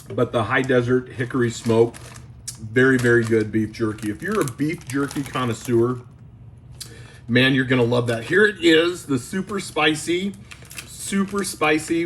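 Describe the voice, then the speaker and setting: A man with a medium-pitched voice, carrying a little hiss or hum, hosts his card collecting channel from home. He's tasting and reviewing jerky in a casual product review, chatting enthusiastically and exclaiming while he eats.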